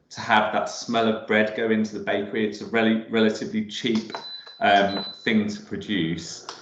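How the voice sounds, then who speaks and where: Man, low voice, rambling workshop host, roomy room, muffled video-call audio. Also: a little hiss or hum. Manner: chatty, rambling, many ums and restarts. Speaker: online cooking workshop host. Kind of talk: casual live cooking demo talk.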